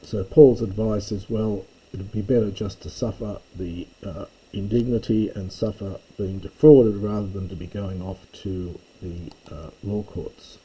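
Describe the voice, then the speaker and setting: A man teaching a slow reading lesson, explaining each word in turn with frequent pauses and fillers. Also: lowish voice, fairly even intonation, warm tone, breathy edge, poor audio. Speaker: Greek teacher.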